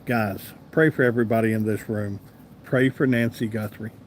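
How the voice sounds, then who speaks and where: A man with a Southern US accent hosts a relaxed live chat, reading comments and addressing viewers by name. His voice is lowish and steady at a moderate pace, and there's a little hiss or hum.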